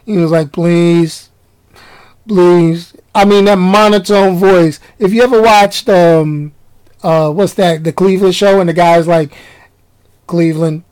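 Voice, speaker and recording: A man vlogging, telling a rambling, casual story in slangy talk and often jumping up in pitch for emphasis. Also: fairly even intonation, moderate pace, a little mellow, smooth, low-quality recording.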